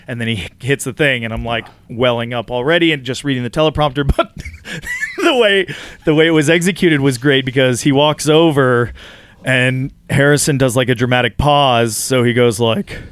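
A man guest on a podcast, telling an animated story in casual chat, laughing often and acting out the voices of people he quotes. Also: medium pitch, normal speed, clear, resonant tone, no echo.

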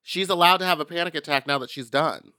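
Male co-host, blunt and argumentative, bright dry sound. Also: a little high, fast talker, smooth, no room sound. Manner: blunt, argumentative, swears casually. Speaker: podcast co-host. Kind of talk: casual chat recapping a reality show.

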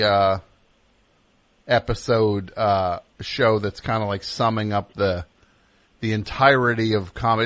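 A man's voice: on the low side, normal speed, a bit bright, no echo. A man hosting a radio show, chatting casually with dry, playful banter. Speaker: host.

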